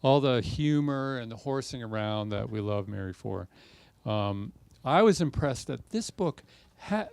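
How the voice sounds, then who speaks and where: A man interviewing an author, setting up questions in a measured way with a lot of hesitation. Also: mid-range voice, vocal fry, mellow, no room sound.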